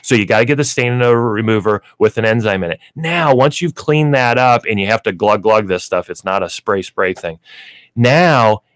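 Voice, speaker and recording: A man's voice: fairly low pitch, lively intonation, normal speed, a bit bright, no room sound. A man hosting a pet store radio show, explaining pet training in a chatty way with lots of fillers, in a radio studio. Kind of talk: radio pet advice talk.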